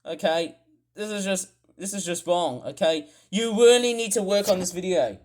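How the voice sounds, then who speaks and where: A grumpy vlogger who rambles through a ranting commentary, often restarting and suddenly bursting into shouts. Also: mid-range voice, normal speed. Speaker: toy review vlogger.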